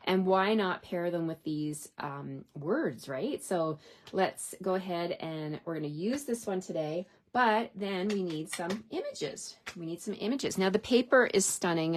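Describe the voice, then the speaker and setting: A woman chatting her way through a card-stamping tutorial, upbeat and easygoing, narrating each step as she works. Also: on the low side. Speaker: stamping and card-making demonstrator. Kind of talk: casual craft tutorial.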